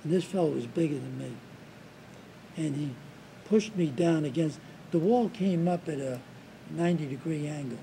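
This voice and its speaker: Gravelly older man recounting war. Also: on the high side, dark tone, a little hiss or hum, rough recording. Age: 70s. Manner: halting, restarts and repeated words. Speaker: war veteran being interviewed. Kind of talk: recounting war memories in an interview.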